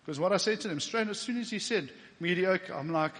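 A man's voice: sits high, lively intonation, fairly quick, hardly any pauses, a bit bright. A South African man preaching a personal testimony sermon in a church, talking conversationally and emotionally, with quoted inner speech and fillers. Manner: emotional, getting teary at times. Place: church hall. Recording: long church reverb.

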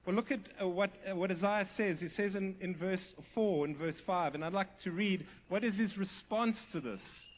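Middle-aged pastor with a fairly high voice, preaching a chatty but earnest sermon. He goes quiet to land his points. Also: normal speed, hardly any pauses. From South Africa. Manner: earnest preaching with sudden drops to hushed emphasis; conversational, with asides and restarts.

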